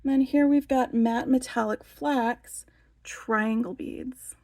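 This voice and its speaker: A woman's voice: sits high, fairly even intonation, takes it slowly, darkish tone, no room sound. A woman hosting a casual show-and-tell vlog, chatty and enthusiastic, with lots of "like" fillers. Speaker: beading channel host.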